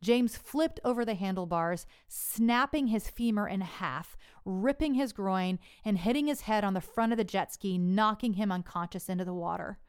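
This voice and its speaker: A woman earnestly narrating a personal story in a measured way. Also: medium pitch, clear, resonant tone.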